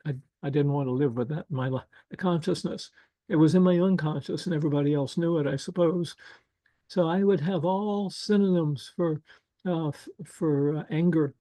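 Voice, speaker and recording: An older man presenting an online workshop over a video call, speaking slowly and gently with many fillers and asides. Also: on the high side, no echo, rough recording. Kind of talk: casual online workshop talk.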